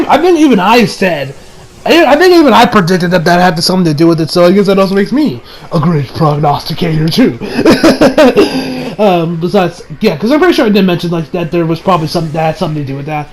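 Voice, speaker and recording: A man's voice: high voice, poor audio. A man giving a casual episode recap and review, rambling with many restarts and self-mocking asides. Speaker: anime reviewer.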